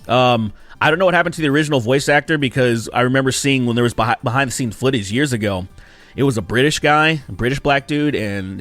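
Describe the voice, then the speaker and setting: A man giving a casual spoken game review, animated and exasperated, with mocking asides. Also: mid-range voice, dry recording. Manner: animated and exasperated, mocking characters with quick impressions.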